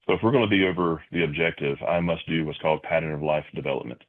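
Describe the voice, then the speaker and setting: Man, very low voice, podcast guest, measured delivery, repeats words, phone-quality audio. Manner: measured, lots of "you know" and repeated words. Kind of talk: conversational interview answers. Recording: tinny phone-like remote line.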